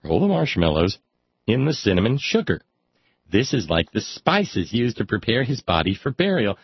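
A man's voice: on the low side, very animated, normal speed, husky, no room sound. A man reading aloud in a sardonic comic style, with wry, mock-solemn asides. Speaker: comic reader. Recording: dry, slightly dull lo-fi sound.

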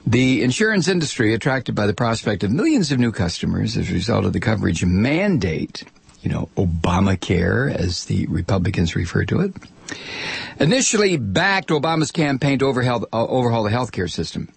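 A man's voice: on the low side, very animated, fairly quick, creaky, husky, no echo. Ranting, sarcastic male talk host. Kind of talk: political talk radio commentary.

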